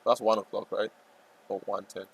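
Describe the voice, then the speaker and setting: A man's voice: on the low side, flat delivery, normal speed, vocal fry, breathy edge, poor audio. Rambling, jokey man streaming his trades. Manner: rambling, jokey, bursts into loud playful yelling. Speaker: trading streamer. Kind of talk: casual live-stream commentary.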